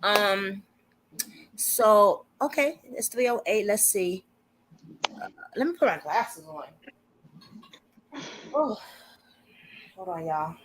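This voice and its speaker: A woman's voice: medium pitch, animated, slow, long pauses, fairly bright tone, a little hiss or hum, low-quality recording. A woman hosting a casual livestream, chatty and informal, laughing often as she talks. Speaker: livestream host.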